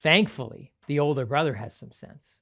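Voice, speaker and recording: A man preaching in a lively storytelling manner. His voice sits a little high, and he laughs often as he explains the story. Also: normal speed. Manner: animated, laughs often, acts out quotes. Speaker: pastor. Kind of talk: sermon storytelling.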